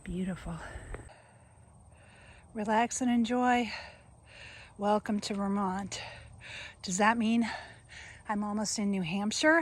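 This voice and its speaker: A woman's voice: medium pitch, steady tone, slow, pauses often. A woman narrating a casual hiking vlog to her camera outdoors, a little out of breath. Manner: chatty, narrating to camera while walking. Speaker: thru-hiker vlogger. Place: outdoors on a forest trail.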